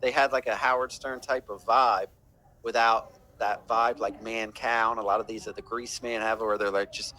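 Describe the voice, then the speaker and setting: A man's voice: on the low side, little pitch movement, normal speed, pushed and bright. A man co-hosting a podcast, telling stories in casual chat with heavy cursing. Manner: profane, storytelling.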